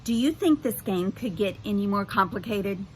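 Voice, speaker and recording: A woman's voice: mid-range voice, animated, normal speed, slight background noise, natural voice, poor audio. A woman doing a wry teen girl.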